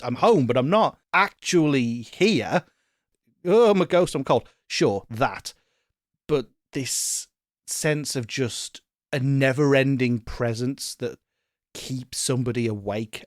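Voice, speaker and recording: Male podcast co-host, mid-pitched, animated and sweary, dry close mic. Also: dry recording. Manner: animated, laughing often, sweary. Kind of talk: casual chat.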